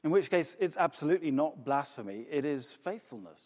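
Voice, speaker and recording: Male preacher, high and animated voice, emphatic sermon delivery, long hall reverb. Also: fairly quick. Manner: emphatic, with rhetorical questions and repeated words.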